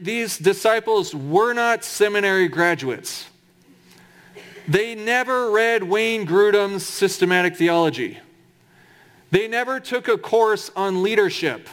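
A man's voice: sits high, fairly bright tone. A man preaching a sermon in a conversational, humorous way, with emphatic asides.

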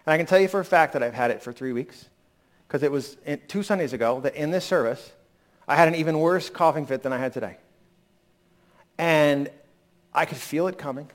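Speaking on the high side at a brisk clip, yet with long pauses, a pastor preaches a candid, chatty sermon marked by sudden emphatic rises. He's recovering from a lingering cold.

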